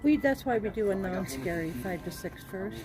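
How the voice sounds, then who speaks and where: A woman in a casual outdoor chat, talking easily and quick to laugh. Loud music plays clearly behind her, and her voice sits at an ordinary middle pitch. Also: expressive. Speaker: haunted house operator. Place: outdoors at a haunted house attraction.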